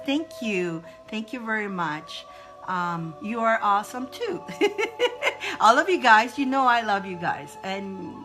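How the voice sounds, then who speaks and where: A woman's voice: on the high side, sharp tone. A woman hosting live spiritual readings for viewers, emotional and effusive, often laughing and speaking straight to her audience. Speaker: spiritual reader, live-stream host.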